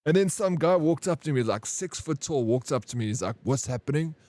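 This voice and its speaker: A man's voice: fairly high pitch, expressive, a little fast, dark tone, dry recording. A man, chatting casually with viewers on a live stream and rambling through stories full of slang. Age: 30s. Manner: rambling storyteller, slangy, says "bro" often.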